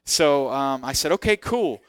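A man's voice: medium pitch, measured pace, clean tone, no room sound, clean studio sound. A man preaching in a self-deprecating storytelling way, acting out the voices in his story. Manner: animated, acts out quoted voices. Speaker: preacher sharing testimony. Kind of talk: sermon storytelling.

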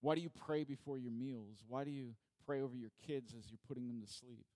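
A man's voice: medium pitch, fairly quick, darkish tone, dry recording. A male pastor preaching a sermon in a conversational way, asking his congregation many rhetorical questions.

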